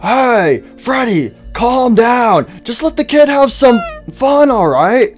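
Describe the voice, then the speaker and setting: A man's voice: very high voice, sing-song, slow pace, faint music behind, voice pushed up, heavily acted. A man voicing a brash, carefree male robot alligator who talks in a breezy, joking way in a game-based cartoon.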